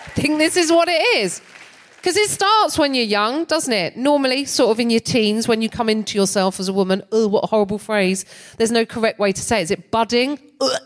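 With a voice on the high side and a slightly fast pace, a middle-aged English comedian and co-host delivers a stand-up story. She keeps it wry and animated, often laughing mid-telling.

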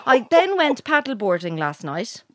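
An Irish woman from Mayo spins a comic tale, her voice leaping up and down as she tells it. She sits somewhat high for a woman and swears and laughs her way through the story. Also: sing-song, moderate pace, dry recording. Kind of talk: casual comic anecdote.

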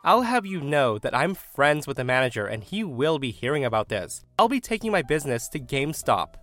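A man's voice: mid-range voice, very animated, a little fast, a bit bright, soft background music. A man voicing a rude, entitled middle-aged woman shopper who talks in a demanding, indignant way.

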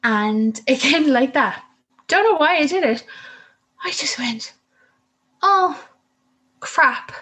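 Young woman, breathy and husky, telling her own story and performing every line of dialogue. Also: high voice, expressive, a little slow, a bit bright, poor audio. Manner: vivid, acts out the voices in her story. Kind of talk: personal storytelling.

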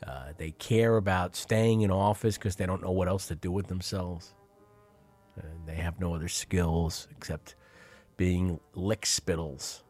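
Sardonic middle-aged man, low voice. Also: fairly even intonation, a little slow, a little mellow, faint music behind. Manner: sardonic, mocking asides. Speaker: radio host. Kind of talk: casual political commentary over clips.

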